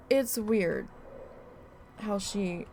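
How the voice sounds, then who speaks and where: Her voice is medium in pitch and a little mellow as she talks casually over her live gameplay stream, cursing plenty through an exasperated story.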